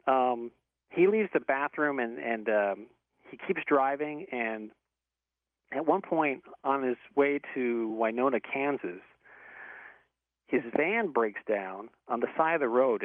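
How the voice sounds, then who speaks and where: A man's voice: mid-range voice, animated, a little slow, no echo. Rambling storyteller man, tinny phone sound. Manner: rambling, with many restarts and fillers. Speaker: professor telling a story. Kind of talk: casual storytelling.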